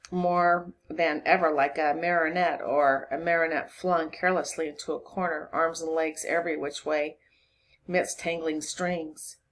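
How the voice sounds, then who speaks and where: A woman reading a children's novel aloud to a class, narrating expressively and pausing to check the listeners understand. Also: sits low. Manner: expressive reading, voices for each character. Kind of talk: storybook read-aloud to a class.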